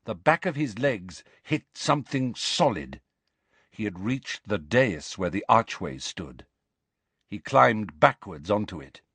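A male narrator reads an audiobook with dramatic, expressive storytelling, his pitch rising and falling in lively swings. He keeps an unhurried, measured pace, and the recording sounds dry and close. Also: husky, no echo.

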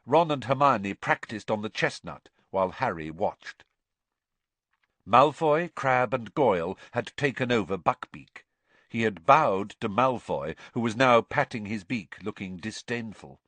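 Expressive male audiobook narrator. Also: fairly low pitch, measured pace, no room sound. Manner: expressive storytelling.

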